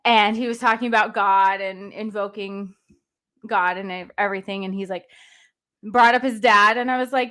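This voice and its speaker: Snarky, deadpan woman co-host. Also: mid-range voice, moderate pace. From Connecticut. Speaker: co-host of a political stream. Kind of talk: casual political chat.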